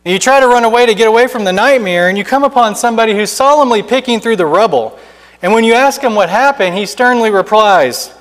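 A man's voice: sits high, a bit bright, long reverb tail. A man preaching as a guest in a church, telling a vivid imagined scene with building drama. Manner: dramatic storytelling, building intensity. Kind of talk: sermon with imaginative narration.

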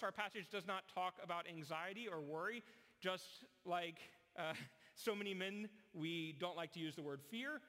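A man's voice: fairly high pitch, a bit bright, big-room sound. A man preaching a sermon in an earnest storytelling manner, acting out voices in his illustrations. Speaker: pastor.

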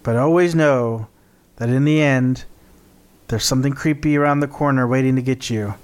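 A man's voice: mid-range voice, normal speed, smooth. A man co-hosting a podcast in casual chat, joking and playful. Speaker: podcast co-host.

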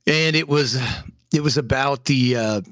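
A man co-hosting a casual podcast chat, telling jokes with dark deadpan humor and laughing often. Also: mid-range voice, unhurried, no echo. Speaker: podcast co-host.

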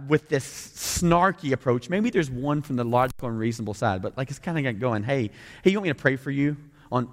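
A male pastor preaching a sermon in a conversational way, often mimicking sarcastic voices to make his point. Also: mid-range voice. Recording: long hall reverb.

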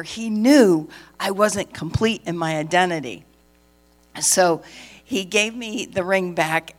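A middle-aged woman, a pastor's wife and preacher, tells a story from the pulpit in a lively way, acting out the dialogue. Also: on the low side. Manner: lively storyteller who acts out the dialogue and laughs. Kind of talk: sermon testimony.

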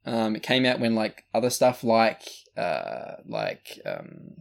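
A man's voice: on the low side, huge pitch swings, takes it slowly, creaky. Rambling Australian man reviewing films. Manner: rambling, many fillers and restarts. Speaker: podcast co-host. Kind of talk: casual movie review chat.

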